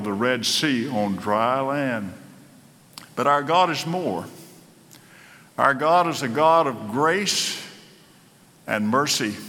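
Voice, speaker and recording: A man preaching a sermon, slow and dramatic, building to emphatic peaks. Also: medium pitch, pushed and bright. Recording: echoey hall.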